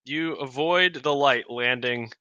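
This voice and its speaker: A man's voice: medium pitch, takes it slowly, sharp tone, clear, resonant tone, dry recording, muffled recording. A man running a tabletop game as game master, narrating loosely with many fillers. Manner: loose and rambling, many ums and uhs.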